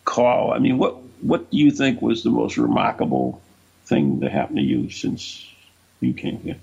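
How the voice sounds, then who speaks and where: Brief: gravelly male host, lively and husky, jokey questions, lo-fi. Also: medium pitch. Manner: joking, halting questions. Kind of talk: casual interview. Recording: muffled lo-fi audio.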